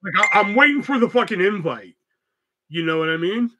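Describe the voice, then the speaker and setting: A young man hosting a podcast tells a loose, profane, rambling story packed with fillers. His high-pitched voice is bright and forceful, with lively intonation and a slightly fast pace.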